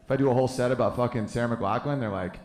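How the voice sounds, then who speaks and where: A comedian in his thirties works a club crowd with a loose, foul-mouthed stand-up routine, tossing off fast joking asides. He speaks at a medium pitch with a slightly mellow quality, and the roomy live recording picks up audience laughter.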